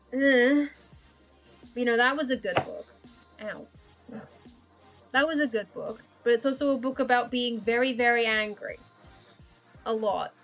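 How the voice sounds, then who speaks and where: A woman with a fairly high voice talks to her stream as she draws, wandering from thought to thought. She swears easily, laughs at herself and pokes fun at her own laziness. Faint music plays under her voice. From Australia. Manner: rambling, self-deprecating, laughs often, swears casually. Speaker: livestreaming artist. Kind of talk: casual chat while drawing on stream.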